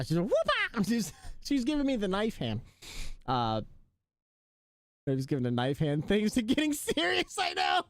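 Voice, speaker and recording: Lively, high-voiced man streaming. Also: no room sound. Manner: joking, laughing often, chatting to viewers. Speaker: live streamer. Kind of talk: casual live-stream chat.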